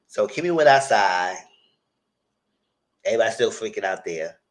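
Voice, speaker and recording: A man runs through a TV episode in a casual live stream, speaking straight to his audience. His voice swings widely in pitch and bursts into the characters' lines as he retells each scene. The delivery stays loose and conversational throughout. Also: normal speed. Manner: animated, acts out characters' lines in quotes; chatty, addresses viewers directly. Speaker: TV show reviewer.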